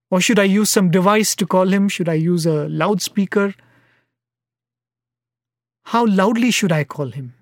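A man giving a devotional talk, telling a story in an earnest, unhurried way. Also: high voice, darkish tone, dry recording, clean studio sound. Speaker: devotional speaker.

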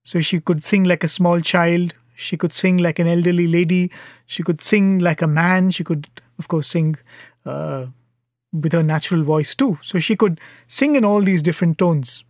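Recorded close and dry with no echo, a man whose voice sits a bit high narrates a devotional story. His tone is somewhat dark, and his delivery stays earnest, unhurried, and sincere.

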